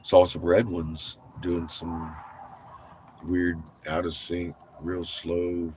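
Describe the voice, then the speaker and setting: A man's voice: low voice, flat delivery, very slow, noisy background. A middle-aged man telling a rambling, casual story, swearing freely and laughing often. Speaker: vlogger.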